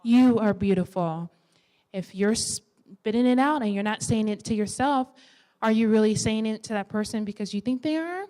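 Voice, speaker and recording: A young woman in her twenties delivers a church sermon with a fairly high voice. She exhorts her listeners in a lively way and drops playful asides between her points. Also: moderate pace. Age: 20s. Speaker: women's ministry speaker.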